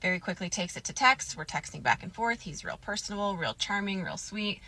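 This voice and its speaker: A woman telling a personal story to camera in a casual, animated, candid way. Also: mid-range voice, brisk. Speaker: storytime vlogger.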